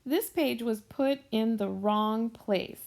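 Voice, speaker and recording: A woman's voice: fairly high pitch, slow pace, vocal fry, a little mellow. A woman teacher giving a recorded lesson to young children, patient and careful, stretching out sounds and repeating words.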